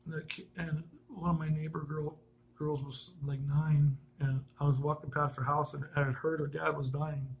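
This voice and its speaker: A man with a gravelly, fairly high voice tells his own stories in a loose, casual way. He wanders, restarts sentences and corrects himself, chuckling now and then as he talks. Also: little pitch movement, normal speed, a little hiss or hum, low-quality recording. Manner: rambling, with frequent restarts and self-corrections; chuckles while telling stories. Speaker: vlogger telling personal stories. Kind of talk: casual personal storytelling.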